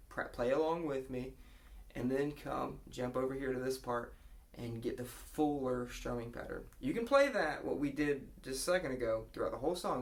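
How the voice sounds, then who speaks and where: A man giving a casual guitar lesson, explaining a strumming pattern and counting beats aloud. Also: medium pitch. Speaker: guitar teacher.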